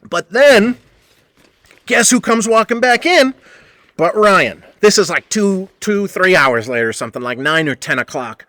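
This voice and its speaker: A man's voice: high voice, animated, unhurried, bright, forceful tone, dry recording. A man hosting a podcast who tells a rambling, profane story from behind the bar and acts out the people in it. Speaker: podcast host and bartender. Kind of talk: casual storytelling monologue.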